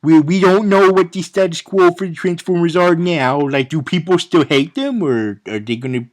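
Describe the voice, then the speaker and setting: A man with a somewhat high voice rambles through a sarcastic, spoiler-heavy movie recap. He stumbles and restarts often and talks in a casual, offhand way. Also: moderate pace. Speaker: movie reviewer.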